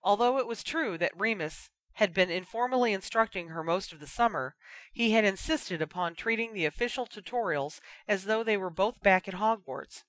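An audiobook reader narrating a fan fiction story in a steady, even storytelling manner. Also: medium pitch, moderate pace, no room sound.

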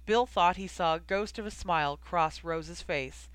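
A narrator reading a story aloud in an even, measured way. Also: medium pitch, clear, resonant tone, no echo. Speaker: audiobook narrator.

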